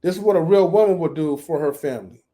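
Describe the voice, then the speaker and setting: A man's voice: on the high side, fast, dark tone. A man co-hosting a podcast, making emphatic points and jokes in casual chat. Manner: emphatic, joking. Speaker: podcast co-host.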